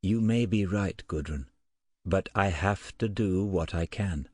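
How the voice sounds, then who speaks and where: A man's voice: sits low, measured pace, no echo, studio quality. A male audiobook narrator voicing a resolute man who speaks firmly. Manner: firm, resolute. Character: resolute man set on a dangerous mission.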